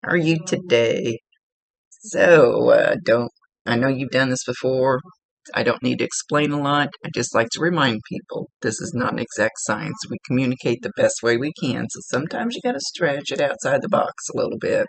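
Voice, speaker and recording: Woman medium, gravelly husky voice with dry close sound, rambling and self-correcting, at times half-whispered. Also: rumbling low, animated, moderate pace, dry recording, low-quality recording. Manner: rambling, self-correcting, laughs at own slips. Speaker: psychic medium. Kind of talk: spirit reading.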